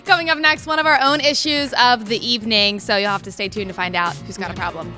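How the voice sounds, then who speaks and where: A woman's voice: a little high, fairly even intonation, fast, long reverb tail, over music. A woman co-hosting a TV advice show, bantering playfully. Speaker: co-host. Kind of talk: casual chat.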